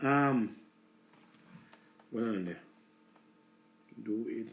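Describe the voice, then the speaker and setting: This Jamaican-accented man's voice is medium-pitched and gravelly, delivered very slowly with reverb. On his live stream he addresses listeners head-on, rambling in a preachy, lecturing tone and saying "let me tell you something" again and again.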